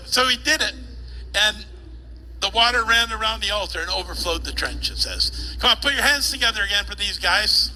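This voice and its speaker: A pastor acts out a scripture story, full of playful asides and quick directions to his helpers. His very high, sharp voice rings through a large hall with a long echo and faint background noise. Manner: animated and playful, directing volunteers and joking with the crowd. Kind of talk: sermon retelling a scripture story. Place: church hall.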